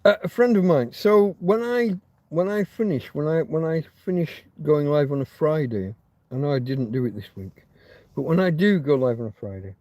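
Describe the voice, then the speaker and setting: A man hosting a casual late-night livestream from his bed, rambling and chatty, talking to his dog in a soft doting voice between asides to his viewers. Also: fairly high pitch, lively intonation, normal speed, dry recording. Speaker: livestream host. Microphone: phone camera held close.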